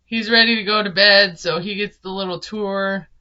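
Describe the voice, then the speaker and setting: A woman's voice: medium pitch, steady tone, moderate pace, bright, forceful tone, highs cut off. A woman, recapping a reality show in casual, sarcastic commentary. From Minnesota. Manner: chatty, sarcastic, laughs often. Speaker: TV recap vlogger.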